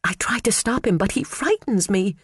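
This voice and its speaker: A man's voice: high-pitched, animated, moderate pace, husky, dry recording, studio quality, pitched above the performer's own voice, full character voice. A man voicing a timid young female secretary who stammers and cries, in an audiobook. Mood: panicked. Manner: stammering, whimpering. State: crying. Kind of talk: audiobook character voice.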